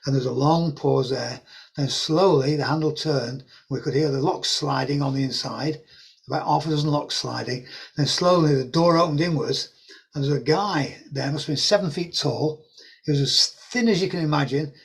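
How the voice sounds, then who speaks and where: Husky-voiced man telling rambling anecdotes. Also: a little high, normal speed. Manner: rambling, repeats words, animated anecdotes with laughs. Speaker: property investing course presenter. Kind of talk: anecdotal storytelling to an audience.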